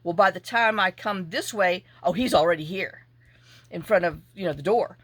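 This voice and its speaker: A woman telling a rambling, animated story in a casual vlog while she works on a craft project. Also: fairly low pitch, normal speed, no room sound. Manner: animated, chatty, acts out her own reactions. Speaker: junk journal crafter.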